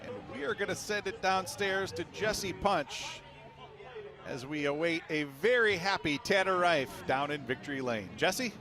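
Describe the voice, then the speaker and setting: An excited male race commentator calling the action from the booth in a fairly high voice. He sounds enthusiastic and exclaims often as he hands off to the reporter below. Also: a little slow. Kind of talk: live race broadcast commentary.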